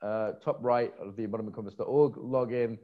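A man's voice: on the low side, fairly even intonation, quick pace, narrow, tinny audio. A man co-hosting a live online conference stream, chatty and jokey. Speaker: conference co-host. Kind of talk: casual live-stream chat.

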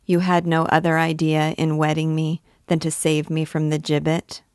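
A woman reading aloud, voicing an earnest, talkative young male poet who pleads gallantly, in a low, dry voice. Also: completely flat delivery, moderate pace, darkish tone, no echo. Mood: pleading.

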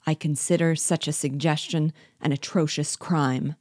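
A woman's voice: deep voice, fairly even intonation, normal speed, darkish tone, no echo, studio quality. A woman voicing a timid, frightened prisoner. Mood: anxious. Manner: pleading, nervous and flowery. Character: timid, terrified male citizen prisoner.

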